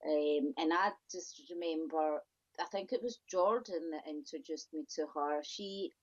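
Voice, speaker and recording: Outspoken woman on a dull lo-fi line. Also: low voice. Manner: outspoken, exasperated, quick asides. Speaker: podcast guest. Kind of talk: casual interview chat. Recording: dull lo-fi audio.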